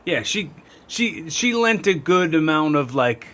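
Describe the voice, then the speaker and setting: A man's voice: fairly high pitch, sing-song, measured pace, fairly bright tone. A man co-hosting a podcast, chatting casually and searching for his words. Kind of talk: casual chat.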